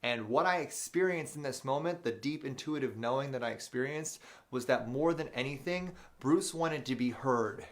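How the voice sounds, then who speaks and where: Animated man telling a live story. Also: mid-range voice, normal speed. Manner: animated storytelling, many fillers and restarts; reads viewer questions aloud. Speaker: motivational show host. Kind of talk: unscripted live motivational talk.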